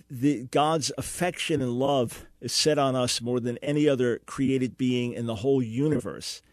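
A man's voice: medium pitch, no echo, studio quality. A man hosting a radio call-in show, earnestly explaining and answering a caller's question, sometimes acting out quoted dialogue.

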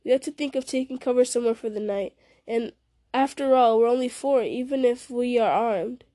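A woman's voice: on the high side, brisk, mellow, no room sound, natural voice. Brief: woman voicing a cautious young hobbit, storybook reading. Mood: wary. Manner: reasoning, wary.

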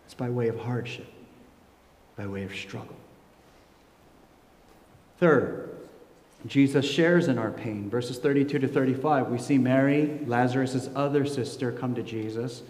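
A man in his forties preaching a sermon as pastor, swinging from soft low asides to loud, high emotional peaks. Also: a little slow, pauses often. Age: 40s. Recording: echoey hall with long reverb.

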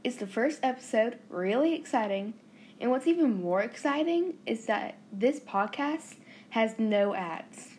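A woman's voice: fairly high pitch, animated, unhurried, darkish tone, a little hiss or hum. A young woman from the Southern US with a Southern accent, hosting her own podcast in a bubbly, rambling, joking way. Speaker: podcast host. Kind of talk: casual chatty podcast monologue.

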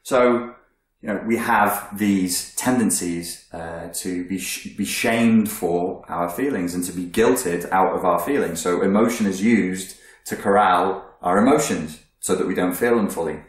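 A man's voice: low-pitched, a little slow. A man coaching listeners on their emotions in a blunt, profane, emphatic self-help monologue. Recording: very echoey room.

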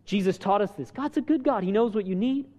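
A man preaching a sermon, animated, asking the crowd rhetorical questions and acting out quotes. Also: high voice, quick pace. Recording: long hall reverb.

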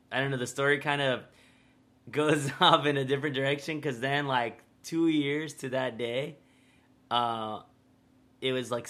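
A man's voice: mid-range voice, sharp tone. A young man co-hosting a podcast, telling a story in a loose, rambling way, laughing often and swearing casually. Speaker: podcast co-host.

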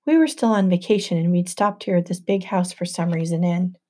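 Mellow-voiced woman reading a novel. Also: fairly low pitch, fairly quick. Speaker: audiobook narrator. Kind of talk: first-person novel narration.

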